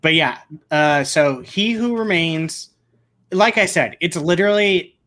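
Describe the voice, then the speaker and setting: A man hosting a casual podcast chat, talking with excitable, rambling restarts. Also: fairly high pitch, a little slow. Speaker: podcast host. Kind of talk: casual pop-culture chat.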